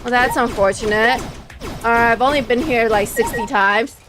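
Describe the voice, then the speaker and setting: With faint game music in the background, a high-voiced woman voices a visual novel's lines for her stream at a moderate pace. Between readings she talks dramatically to her viewers, keeping the whole delivery animated.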